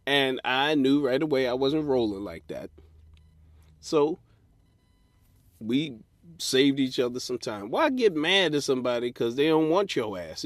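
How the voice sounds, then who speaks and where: A man's voice: a little high, no room sound, clean studio sound. Blunt, profane male comedian ranting. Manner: blunt, profane, preachy advice-giving; acts out quoted voices. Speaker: comedian podcast host. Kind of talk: stand-up style comic monologue.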